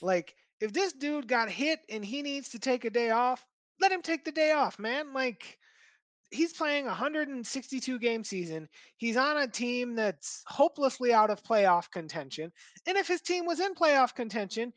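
A woman co-hosts a casual sports podcast, talking with animated indignation. Her voice is high and swings widely in pitch. The sound is dry and close. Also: normal speed, no echo. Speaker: podcast co-host.

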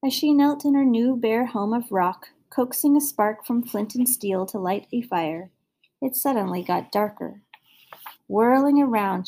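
A woman narrates a fairy tale in an expressive storybook reading. Her voice sits somewhat high and carries a gravelly texture.

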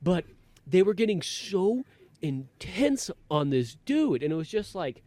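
A man hosting a podcast, telling a rambling, animated story in casual chat and acting out quotes in a raised voice. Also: high voice, unhurried. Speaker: podcast host.

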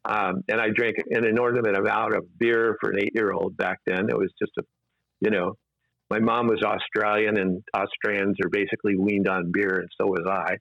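A man's voice: lowish voice, little pitch movement, moderate pace, gravelly, dry recording. A man, an interview guest, telling rambling anecdotes casually with many fillers and restarts, in a dull, dry lo-fi recording.

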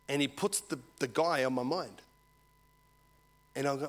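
A man, a lay preacher giving prophetic words and an animated personal testimony. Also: mid-range voice, unhurried, long pauses. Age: 40s. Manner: animated storyteller, swings from soft personal words to loud exclaiming.

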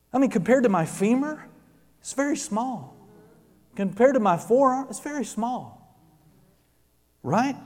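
Male pastor, high-pitched voice, animated delivery that builds to shouting, long hall reverb. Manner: animated, rising to shouts, acts out quotes. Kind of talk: sermon.

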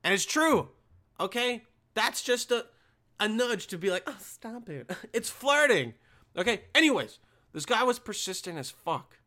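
Bright-voiced young man ranting, swearing. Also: high-pitched, expressive, normal speed. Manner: rambling, sarcastic, heavy swearing. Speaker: motel front desk clerk telling a story. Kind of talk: casual profane storytelling rant.

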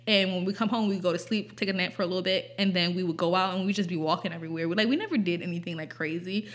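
A woman's voice: fairly low pitch, very fast. Blunt, profane young woman telling a story. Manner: blunt, profane and laughing as she tells it. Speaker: podcast host. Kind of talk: casual storytelling chat.

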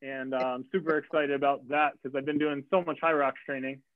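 A man's voice: a little fast, dry recording. Guy telling a race story, voice jumps all over, dry and phone-like. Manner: animated, acts out quotes with big pitch jumps. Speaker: guest athlete. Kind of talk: casual storytelling. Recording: tinny phone-like line.

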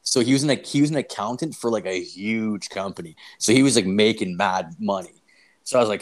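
A man from Canada telling a casual story, swearing constantly in an animated, loud way. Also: lowish voice, brisk.

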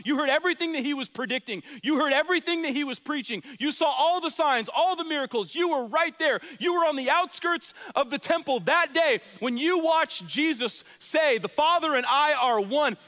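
A man's voice: very high voice, lively intonation, brisk, hardly any pauses, pushed and bright. A man preaching a sermon as pastor, emphatic and repeating phrases for stress, with faint music behind him.

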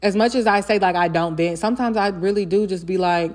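A woman's voice: medium pitch, a little fast, a little mellow. A young adult woman hosting her own podcast, talking candidly and casually in a chatty, profane solo monologue. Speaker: podcast host.

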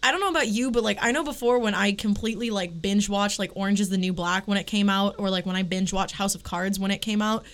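A woman co-hosting a casual panel chat, opinionated and animated, with many fillers. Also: medium pitch, quick pace, hardly any pauses.

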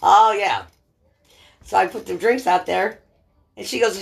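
A woman's voice: mid-range voice, unhurried, creaky. A middle-aged woman, a bartender, chatting casually and telling blunt, profane stories. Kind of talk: casual chat.

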